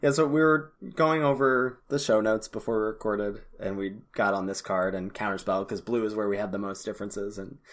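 A man's voice: lowish voice, fairly even intonation, a little fast, hardly any pauses. A man co-hosting a podcast in casual chat, often restarting his sentences and arguing a skeptical point. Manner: hesitant restarts, skeptical and argumentative. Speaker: podcast co-host. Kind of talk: casual chat about card-game strategy.

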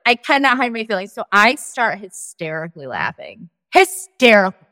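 A woman's voice: medium pitch, big pitch swings, normal speed, pushed and bright, no echo, clean studio sound. A woman telling a personal story on a podcast, rambling and full of "like", acting out what people said. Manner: rambling, full of "like" and acted-out quotes. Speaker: guest storyteller.

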